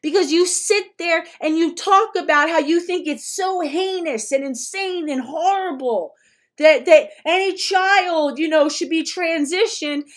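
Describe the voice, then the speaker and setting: Woman with a very high voice, an angry profane direct-address rant full of stumbles and restarts. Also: unhurried.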